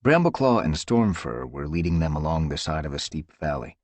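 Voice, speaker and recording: Deep husky man narrating a story. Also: sing-song, a little mellow, no echo. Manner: measured, dramatic storytelling. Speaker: audiobook narrator. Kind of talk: scripted narration.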